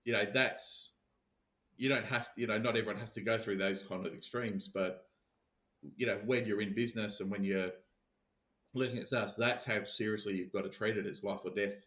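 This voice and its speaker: Low-voiced man in a roomy, dull recording. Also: fairly even intonation, brisk, a bit bright. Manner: storytelling, repeats words when restarting. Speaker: podcast guest, sales business founder. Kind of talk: casual conversation.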